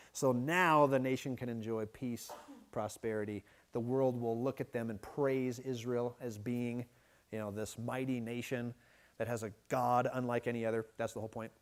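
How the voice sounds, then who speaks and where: A man preaching a midweek Bible study sermon, teaching in a conversational way that is often broken by restarts and quick "right?" checks. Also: mid-range voice, a little mellow. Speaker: pastor. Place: church.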